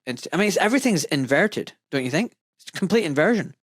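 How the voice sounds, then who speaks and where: A podcast host interviews a guest with passion, building rhetorical arguments and mimicking other people's voices. His voice is a little high and very animated, he talks fast, and there's no echo.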